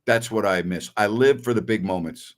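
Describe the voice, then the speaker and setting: A man's voice: lowish voice, moderate pace. A middle-aged man hosting a sports talk stream, answering viewer messages bluntly and with strong opinions. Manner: blunt and opinionated, scoffs at callers.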